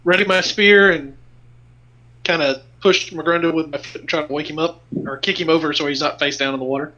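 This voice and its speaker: A man's voice: fairly high pitch, steady tone, a little fast, pushed and bright, muffled recording. A man playing a tabletop game, talking in a plain, matter-of-fact way. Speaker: player.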